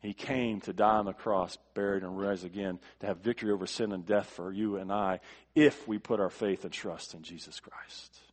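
A male pastor delivering a sermon, emphatic, repeating words for stress and swinging from quiet to forceful. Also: sits low, steady tone, normal speed.

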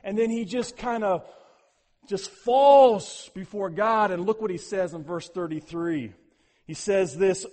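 In a large hall, a pastor delivers a sermon a little slowly, rising to loud, emphatic peaks before dropping low. He often repeats words to drive his points home.

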